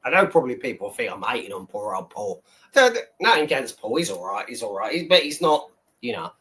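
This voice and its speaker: A man's voice: mid-range voice, very animated, brisk, sharp tone. Sweary man rambling on a livestream. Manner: rambling, sweary, laughs often, tells stories. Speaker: livestream host. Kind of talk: casual live-stream chat.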